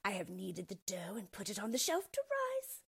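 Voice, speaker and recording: A woman voicing a cruel, half-blind old witch who talks in a shrill, scolding way, in a storybook reading. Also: wildly swooping pitch, normal speed, vocal fry, breathy edge, no room sound, heavily acted. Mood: impatient.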